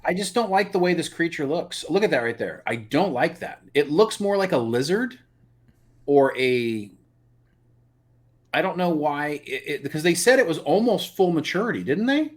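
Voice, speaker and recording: Animated, opinionated man reviewing a show. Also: a little high, normal speed. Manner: animated, opinionated, repeats words when excited. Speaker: podcast co-host. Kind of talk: casual live review chat.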